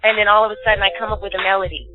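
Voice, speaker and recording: Animated woman musician on a phone line. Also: medium pitch, racing, music in the background. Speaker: bassist and singer guest. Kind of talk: interview answers.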